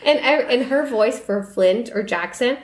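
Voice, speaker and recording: A woman co-hosting a podcast, chatting casually about books in an animated way and laughing often. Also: fairly high pitch, measured pace. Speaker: podcast co-host. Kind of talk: casual book chat. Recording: echoey room.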